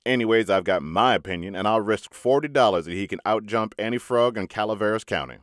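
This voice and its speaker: A man's voice: lowish voice, quick pace, no room sound, studio quality, close to an everyday voice. A man reading a frontier gambler who talks in a casual, folksy drawl. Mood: easy-going. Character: boastful frontier gambler, man, easygoing and proud.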